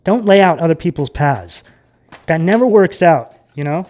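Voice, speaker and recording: High-voiced man giving an intense tarot reading. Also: animated, moderate pace, darkish tone. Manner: rambling, emphatic, gets worked up. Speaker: tarot reader. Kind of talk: casual tarot reading monologue.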